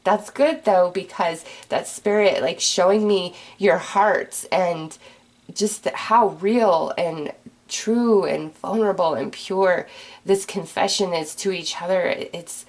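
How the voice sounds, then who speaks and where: Tarot reader, woman, lowish voice, effusive and teary, chatty delivery full of fillers. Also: slow, darkish tone. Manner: gushing, earnest, chatty with many fillers. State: tearful, choked up. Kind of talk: emotional tarot reading monologue.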